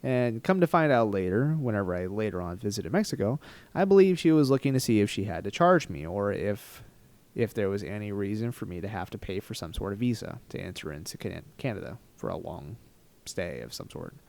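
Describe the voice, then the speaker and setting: Animated, rambling man telling a travel story. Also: lowish voice, fairly quick, creaky. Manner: animated, rambling and self-mocking. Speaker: travel vlogger. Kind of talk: storytime vlog narration.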